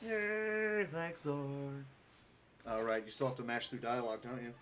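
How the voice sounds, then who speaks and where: A man's voice: medium pitch, steady tone, a little slow, a bit bright, soft background music. A man speedrunning a game live, giving muttered, wry running commentary to himself.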